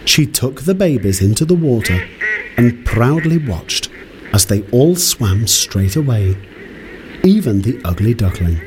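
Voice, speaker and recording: A man narrating a children's fairy tale in a calm, measured storytelling voice. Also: mid-range voice, background noise.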